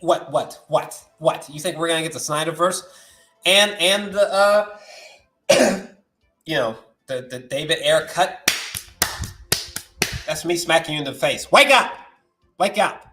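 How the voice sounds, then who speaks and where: A man hosting a movie news vlog, ranting with lots of swearing and swinging from shouting to muttering. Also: fairly high pitch, measured pace, long pauses, echoey room, over music. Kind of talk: animated solo movie-news rant.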